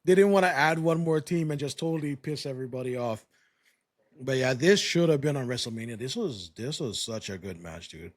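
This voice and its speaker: A man's voice: medium pitch, animated, fairly quick, dry recording, studio quality. A man co-hosting a wrestling podcast in casual chat, slangy, saying bro and dude, telling stories with animation. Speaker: podcast co-host.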